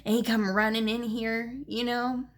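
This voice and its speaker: A young woman, talking in a personal vlog about her grief, halting and repeating herself, short on sleep. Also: a little high, little pitch movement. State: grieving, lacking sleep. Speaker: vlogger.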